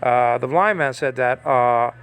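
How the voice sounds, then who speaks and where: Gravelly man teaching Hebrew letters. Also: mid-range voice, fairly bright tone. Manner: halting, many fillers and restarts, chatty. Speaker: Bible language teacher. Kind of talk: informal screen-share lesson. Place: home in the Philippines.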